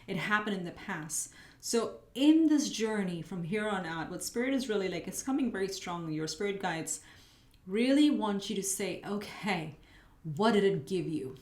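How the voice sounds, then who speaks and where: This tarot reader hosts a pick-a-card reading, chatty and spiritual, thinking aloud as she lays out the cards. Her medium-pitched voice has lively intonation, normal speed, and a slightly mellow quality, sounding reverberant and a bit muffled because she is losing her voice.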